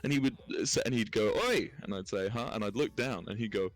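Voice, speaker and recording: A man's voice: on the low side, fast. A young English man in his twenties, telling rambling stories in casual chat, swearing and laughing often. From England. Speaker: streamer.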